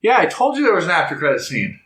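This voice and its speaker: A young man co-hosting a podcast, casually recapping a movie's plot and acting out the characters' lines in loud, high voices. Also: fast talker. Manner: animated storytelling, jumps into loud high voices for quotes. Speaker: podcast co-host. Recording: echoey room.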